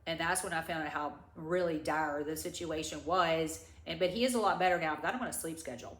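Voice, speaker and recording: A middle-aged woman talking through tears, her voice sitting a little low for a woman. She rambles and restarts, telling a personal story in a vlog. The sound rings in an echoey room. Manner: halting, rambling, many restarts. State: crying. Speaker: vlogger. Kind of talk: tearful personal story time.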